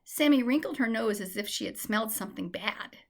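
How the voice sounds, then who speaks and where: A woman reading a children's storybook aloud in a gentle, expressive way. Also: on the high side, fairly quick.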